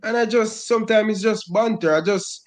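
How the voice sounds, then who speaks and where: A man's voice: high-pitched, normal speed. A man co-hosting a livestream, arguing insistently and repeating himself. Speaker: stream co-host. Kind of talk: heated livestream chat.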